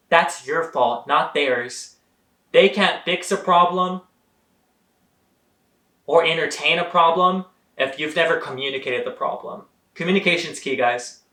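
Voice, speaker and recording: Young guy vlogging, earnest pep talk to the viewers, bright kinda high voice, echoey room. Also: unhurried. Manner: earnest, talks straight to viewers, calls them guys. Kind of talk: motivational vlog monologue.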